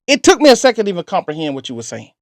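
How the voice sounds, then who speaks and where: A man's voice: high voice, wildly swooping pitch, very fast, no room sound, studio quality. A man hosting a reaction channel, exclaiming and joking as he talks back to the story he hears. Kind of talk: animated reaction commentary.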